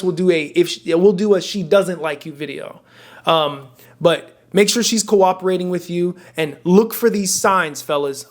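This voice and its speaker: A young man with a notably high voice speaks casually to his camera. He is blunt and emphatic, swears freely, and keeps restarting his sentences mid-thought as he rants with dating advice. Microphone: camera mic.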